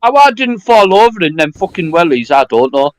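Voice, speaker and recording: A man's voice: high voice, big pitch swings, brisk. A young man boisterously recounting a chase on a live podcast, swearing and laughing. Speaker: podcast co-host.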